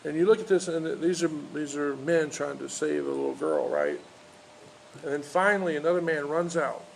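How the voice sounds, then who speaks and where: Gravelly-voiced pastor preaching, halting delivery. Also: male voice, a little high, expressive, a little hiss or hum, low-quality recording. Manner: halting, many fillers and restarts. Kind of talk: informal outdoor sermon with storytelling. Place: outdoors in a park.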